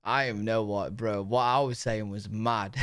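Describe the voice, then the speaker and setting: Slow, slangy British reaction streamer. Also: male voice, on the low side, fairly even intonation, fairly bright tone, clean tone. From Britain. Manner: stumbling, slangy, amused. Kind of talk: casual reaction commentary.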